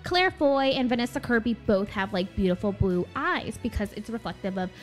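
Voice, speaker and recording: A woman's voice: on the high side, expressive, normal speed, faint music behind. A young woman co-hosting a podcast, chatting casually with lots of fillers. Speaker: podcast co-host. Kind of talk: casual chat.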